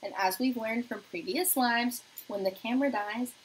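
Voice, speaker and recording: A young woman hosting a beauty livestream from her apartment, chatting casually while doing her makeup and reading viewer comments aloud, sometimes dropping to a soft murmur. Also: fairly high pitch, normal speed, slight background noise, low-quality recording. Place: home apartment.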